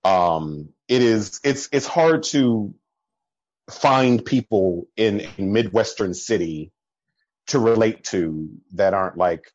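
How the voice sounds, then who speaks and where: A man talking as a podcast guest, telling stories in an animated way and acting out what people said. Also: on the low side, takes it slowly, dry recording, highs cut off. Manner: animated storytelling with laughs and quoted voices. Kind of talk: casual conversation.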